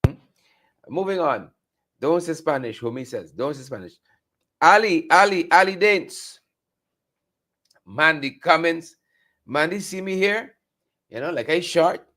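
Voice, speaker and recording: A man's voice: fairly high pitch, animated, normal speed, long pauses, fairly bright tone. A man hosting a live morning show from a studio, chatting, repeating phrases and greeting viewers by name.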